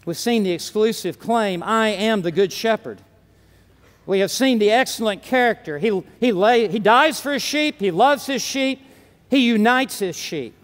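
A man preaches to a conference crowd with an unusually high, ringing voice. He drives his points home with emphatic, forceful declarations. His words trail off into the long reverb of a large hall. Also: moderate pace. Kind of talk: conference sermon.

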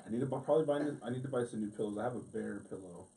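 A man's voice: medium pitch, racing, vocal fry, warm tone. A man co-hosting a casual podcast, talking in a laid-back, slangy way. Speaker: podcast co-host. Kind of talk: casual chat. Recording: echoey, distant from mic.

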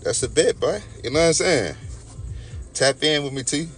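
A man's voice: fairly high pitch, expressive, normal speed, soft background music. A young man with a Texas accent, just woken up, chatting casually with his livestream viewers and greeting them by name. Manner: laid-back, talks to chat by name. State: just woke up, sipping coffee.

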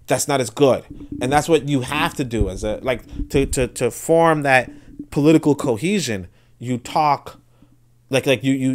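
Man, podcast host, casual commentary, rambling, restarts often, middle-pitched voice. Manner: rambling, many restarts and fillers, animated bursts.

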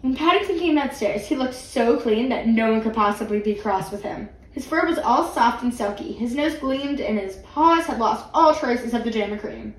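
A woman's voice: fairly high pitch, animated, normal speed, hardly any pauses, far from the mic. Woman reading a storybook aloud, echoey. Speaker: channel host, reader. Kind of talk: reading a picture book aloud. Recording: roomy, away from mic.

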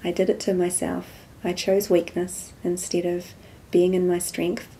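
Soft-spoken woman. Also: lowish voice, level tone, unhurried, a little hiss or hum. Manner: soft-spoken storytelling, acts out quoted dialogue. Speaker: interview guest. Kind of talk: personal spiritual testimony.

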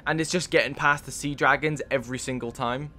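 A man's voice: medium pitch, steady tone, brisk, pushed and bright, a little hiss or hum. Chatty man thinking aloud while gaming. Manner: chatty, thinks aloud with many fillers, swears when moved. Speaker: let's play gamer. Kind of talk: casual gameplay commentary.

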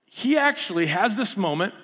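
A man preaching a sermon in a casual, animated way, full of rhetorical questions and asides. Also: high-pitched, normal speed, slightly rough.

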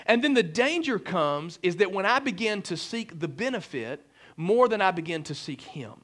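A man's voice: high-pitched, normal speed. A man preaching a humorous sermon as pastor, joking with the congregation and using lots of "like" and "right?". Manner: joking, animated, fillers like "like" and "right?". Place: church sanctuary.

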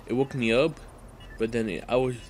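A man's voice: medium pitch, fairly even intonation, moderate pace, darkish tone, a little hiss or hum. A man hosting his gaming channel, just woken up and rambling through casual commentary full of fillers while he plays. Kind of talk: live gameplay commentary.

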